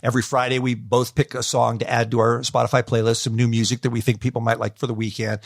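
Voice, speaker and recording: A middle-aged American man chatting easily as an interview guest, self-deprecating and relaxed. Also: medium pitch, fast, vocal fry, no room sound, studio quality. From United States. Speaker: podcast guest, radio host. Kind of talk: casual interview chat.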